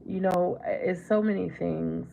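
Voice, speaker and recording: A middle-aged woman chatting casually with her viewers while doing her makeup, warm to them and calling them babe. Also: fairly low pitch, fairly even intonation, measured pace, gravelly, slight background noise, rough recording. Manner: chatty, affectionate, calls viewers babe and baby. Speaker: livestream host. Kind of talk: casual makeup livestream chat.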